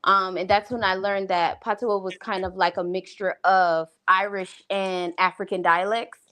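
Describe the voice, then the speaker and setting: A woman with a mid-range voice co-hosts a casual talk radio show. She speaks thoughtfully and steadily, often pausing on little fillers. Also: mid-range voice, steady tone, pushed and bright. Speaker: co-host.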